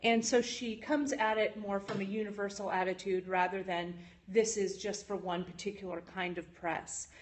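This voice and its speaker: Speaking in a steady mid-range voice at normal speed with few pauses, a woman livestreams casually by phone from her jewelry studio. She's chatty, peppers her talk with "um"s, and reads and replies to viewer comments; a little hiss or hum runs under the audio.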